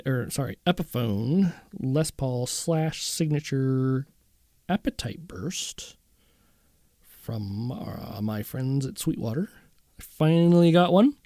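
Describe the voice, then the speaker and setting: A man's voice: on the high side, dark tone, no room sound, clean studio sound. A man hosting a casual guitar video, chatting and rambling to himself as he browses guitar listings. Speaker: guitar channel host.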